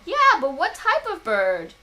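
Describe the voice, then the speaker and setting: A woman's voice: sits high, huge pitch swings, a little slow, very noisy. A woman teaching English to children, patient and encouraging, with playful animal sounds. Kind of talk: children's ESL lesson.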